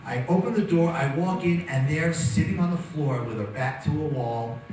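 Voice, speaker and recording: A man's voice: fairly high pitch, moderate pace, background noise. A man, telling a dramatic survival story to an audience as a guest speaker. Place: hall with audience. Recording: very echoey hall from far off.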